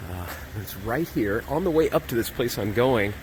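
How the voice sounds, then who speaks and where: Medium in pitch and lively in intonation, the man talks at a normal pace during his travel vlog. Out of breath on a steep uphill road outdoors, he rambles chattily to himself, with background noise and outdoor sound around him.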